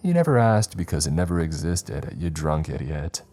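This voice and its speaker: A man's voice: a bass voice, sing-song, moderate pace, mellow, slightly rough, faint music behind, heavily acted. A man voicing a blunt young woman patient who teases and scolds. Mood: teasing.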